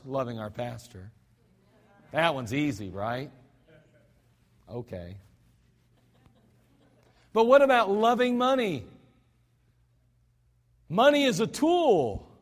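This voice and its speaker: A high-pitched American man delivers a folksy sermon, joking at his own slips and talking straight to the congregation. His voice rings with a long reverb through the sanctuary. He keeps it conversational rather than grand. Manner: folksy, self-deprecating preaching with asides. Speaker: pastor. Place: church sanctuary. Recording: hall reverb.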